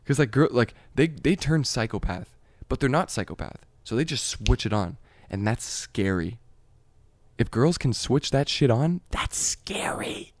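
A man's voice: medium pitch, animated, moderate pace, no room sound. A man talking in casual, rambling chat, swearing freely and laughing at his own points.

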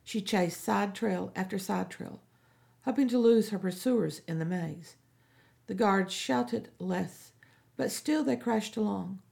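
Woman narrator, fantasy audiobook, steady delivery, heavy vocal fry, mellow. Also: mid-range voice. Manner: steady, measured storytelling. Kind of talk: scripted story narration.

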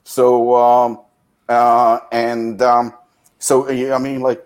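Animated, swearing man telling a story. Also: medium pitch, takes it slowly, clear, resonant tone. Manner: animated storyteller, swears a lot, acts out quotes loudly. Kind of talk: casual chat.

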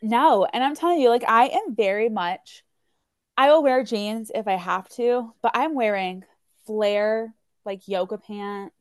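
Relaxed woman podcast host. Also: fairly high pitch, a little slow, no room sound, studio quality. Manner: relaxed, emphatic, plain-spoken. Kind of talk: casual chat.

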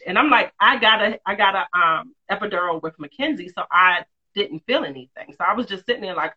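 A woman, a mother of two, telling a personal story in a candid, lively, casual way with quick asides. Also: medium pitch, slightly rough, muffled recording. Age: adult, mother of two.

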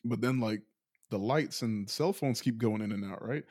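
A man's voice: fairly low pitch, normal speed, darkish tone, dry recording, studio quality. A man hosting a podcast, casually retelling a film plot and laughing often as he goes. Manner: laughs often while retelling, loose and playful. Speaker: podcast host recapping a film. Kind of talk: casual chat.

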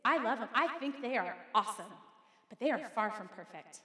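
A woman's voice: a little high, expressive, fairly quick, bright, forceful tone. A middle-aged woman pastor preaching a sermon in a conversational, emphatic way, speaking straight to the congregation. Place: church auditorium. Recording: echoey hall with long reverb.

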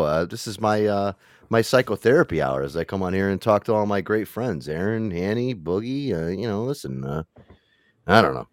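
A man's voice: fairly low pitch, dry recording, studio quality. A man hosting a casual podcast chat, rambling with many restarts and casual swearing. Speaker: host.

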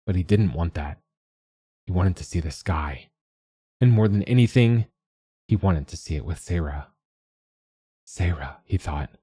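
A man narrating a short story in a steady, measured reading. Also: low voice, husky. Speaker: podcast narrator.

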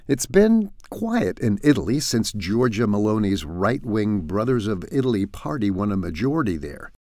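Man, satirical news commentary, gravelly, lively low voice, dry close sound. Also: no room sound. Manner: dry, sardonic delivery with asides. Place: home in France.

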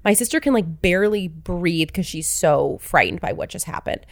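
A woman's voice: fairly low pitch, normal speed, no echo, clean studio sound. A woman podcast co-host with a cold, sniffling as she tells a story in casual chat. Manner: animated storytelling, quotes family members.

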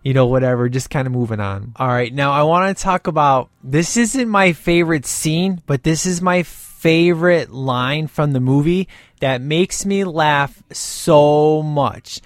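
A man's voice: on the high side, a little slow, no echo, clean studio sound. Rambling man reviewing a movie. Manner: rambling, many fillers like "you know". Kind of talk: casual video commentary.

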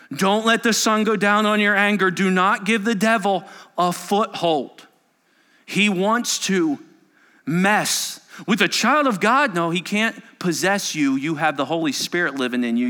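Man preaching, bright forceful voice, animated swings from loud to hushed, long hall reverb. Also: on the high side. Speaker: pastor. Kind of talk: sermon.

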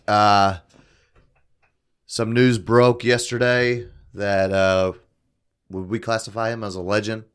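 A man's voice: on the low side, steady tone, slow pace, clean tone. A man hosting a casual podcast, leading the talk with frequent fillers. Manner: loud greeting, hesitant with fillers. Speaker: podcast host. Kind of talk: casual chat.

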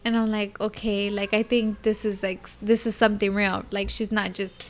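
A young woman chatting casually and telling a story in an animated way, acting out a little child's lines. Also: mid-range voice, moderate pace. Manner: animated storyteller, acts out her toddler's lines. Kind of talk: casual chat.

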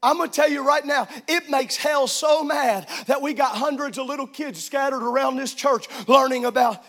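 A man, a pastor, preaching a sermon in a church, shouting and swinging into sing-song cadences. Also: very high voice, normal speed.

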